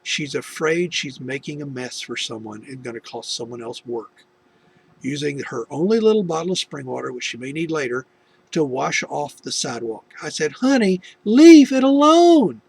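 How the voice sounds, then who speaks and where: With a creaky, husky voice of medium pitch and a moderate pace, a middle-aged American man gives his personal faith testimony. As the video's host, he rambles, starting over repeatedly and adding asides.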